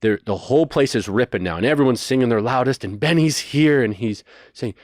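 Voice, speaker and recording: A man telling a story as a guest in a conversation, animated and rushing through details. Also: mid-range voice, no echo, studio quality. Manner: animated, fast bursts of detail.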